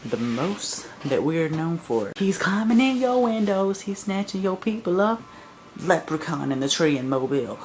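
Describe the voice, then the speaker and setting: Southern US accent, vlogger, sarcastic profane rant, creaky gravelly voice. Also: medium pitch, very animated, normal speed, slight background noise, poor audio. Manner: blunt, sarcastic, profane ranting. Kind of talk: comic rant to camera.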